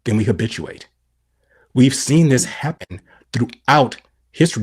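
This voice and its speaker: A man's voice: mid-range voice, lively intonation, a little slow, slightly rough. A middle-aged man on a podcast explaining scripture, asking and answering his own questions. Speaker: podcast guest.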